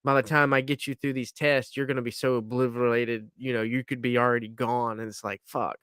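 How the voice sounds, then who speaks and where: A laid-back man co-hosts a podcast, explaining his point matter-of-factly with the odd curse thrown in. His voice is smooth and resonant at a middle pitch. The recording is dry, with no room echo. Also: little pitch movement, a little fast, a bit bright. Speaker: podcast co-host. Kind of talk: casual chat.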